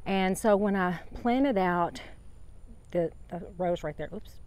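Woman, lower-pitched voice, rambling garden tour, outdoors, phone camera. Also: takes it slowly, a little mellow, clear, resonant tone. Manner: rambling, chatty, with heartfelt faith reflections. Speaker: home gardener. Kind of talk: casual garden tour vlog. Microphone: handheld phone camera.

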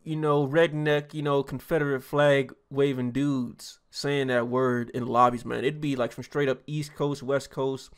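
A man's voice: mid-range voice, little pitch movement, a little slow, few pauses, clean tone. A man giving a loose, chatty reaction commentary as a YouTuber, laughing often as he talks.

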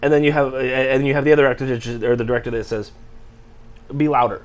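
A man's voice: mid-range voice, steady tone, racing. A man co-hosting a casual comedy chat, rambling and restarting as he tells stories. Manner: rambling, stammering storyteller. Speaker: co-host.

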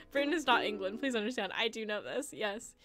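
A woman's voice: fairly high pitch, animated, a little fast, a bit bright. A young woman chatting casually on a livestream while she plays a game, rambling and giggling as she teases herself. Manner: giggly, rambling, self-teasing. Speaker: streamer. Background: game music.

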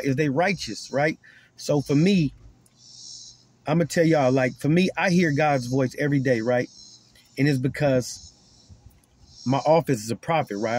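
A self-described prophet preaches emphatically to the camera, often restarting and repeating key lines to drive them home. His voice is medium in pitch, slightly mellow, and husky.

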